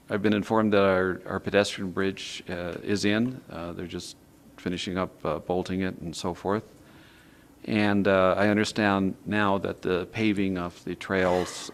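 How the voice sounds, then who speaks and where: Man councillor, low voice, hesitant report, faint background hum. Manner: hesitant, many fillers.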